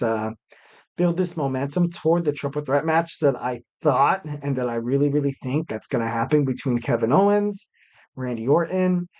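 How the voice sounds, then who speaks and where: A man's voice: mid-range voice, a little mellow. A young man hosting a solo wrestling podcast, talking casually with lots of fillers, rambling asides and self-deprecating jokes. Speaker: podcast host.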